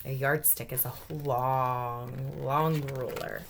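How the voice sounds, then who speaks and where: A woman teacher reading a picture book aloud to children, expressive with gentle asides. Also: deep voice, slow pace, hardly any pauses.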